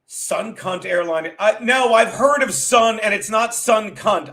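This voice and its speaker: A man's voice: high voice, a little slow, vocal fry, a bit bright. A man hosting a livestream, telling a rambling, profane comic story and chatting with viewers as he goes. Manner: profane, tumbling, self-interrupting; chats with live viewers. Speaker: livestream show host.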